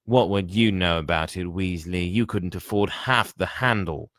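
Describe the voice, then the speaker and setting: A man voicing a spiteful, jealous schoolboy rival who sneers slowly. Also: deep voice, a bit bright, dry recording, studio quality.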